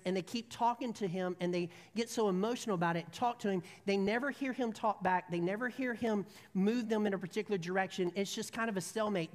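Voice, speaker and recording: Female preacher, mid-range voice, story-driven and conversational, recorded with long hall reverb. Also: mid-range voice. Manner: conversational storytelling, humorous then earnest. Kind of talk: sermon. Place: church sanctuary.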